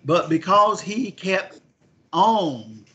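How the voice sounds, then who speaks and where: A man's voice: sits high, lively intonation, very slow, a bit bright, highs cut off. A man teaching a Bible lesson, reading scripture aloud and asking his listeners questions. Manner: asks the class questions, reads scripture aloud.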